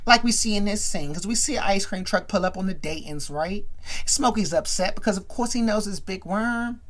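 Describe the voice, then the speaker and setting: A woman's voice: mid-range voice, normal speed. A woman host casually recapping a movie scene, chatty and acting it out.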